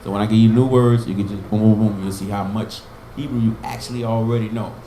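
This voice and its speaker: A man's voice: on the low side, steady tone, fast talker, echoey room, background noise. A man teaching an informal Hebrew class, patiently sounding out and repeating each word and giving memory tricks. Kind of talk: informal online language lesson.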